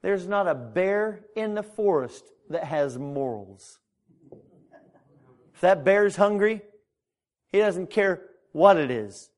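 A middle-aged man preaching a sermon in a church. His delivery is impassioned, with frequent stammered restarts, and his pitch climbs when he gets stirred up. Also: lively intonation, slow, long pauses, darkish tone. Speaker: pastor. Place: church sanctuary.

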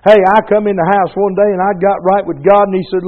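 A preacher with a high voice delivers a folksy, fervent sermon to his church, with loose colloquial grammar and "Amen" calls. The recording is dull and lo-fi. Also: little pitch movement, fast talker, few pauses. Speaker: pastor.

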